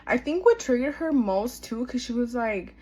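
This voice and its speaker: A storytime vlogger in her twenties tells a tale in casual, chatty fashion, packed with fillers and acting out what people said. Her voice is fairly high, expressive and warm at a normal speed, though the audio is poor.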